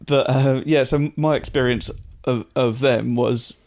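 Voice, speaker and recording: A British man hosting a podcast in casual chat, speaking haltingly and searching for words. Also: medium pitch, steady tone, darkish tone. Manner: hesitant, many fillers and restarts. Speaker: podcast host.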